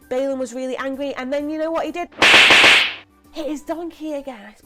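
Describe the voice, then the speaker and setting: A young woman presenting a lively children's church story, chatty and animated. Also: high-pitched, normal speed, loud music behind the voice. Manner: animated, chatty, acts out voices.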